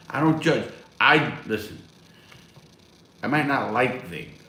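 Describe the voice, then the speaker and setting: A man's voice: medium pitch, expressive, slow pace, long pauses, sharp tone, echoey room. A man hosting a casual live stream from home, reading viewer chat and answering in a blunt, rambling way with heavy swearing. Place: at home, smoking a cigar.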